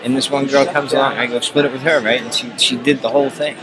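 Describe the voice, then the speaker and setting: A man's voice: medium pitch, fairly even intonation, fast talker, poor audio. Rambling man telling stories over crowd noise. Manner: rambling, full of "you know" fillers. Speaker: storyteller. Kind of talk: casual anecdotes.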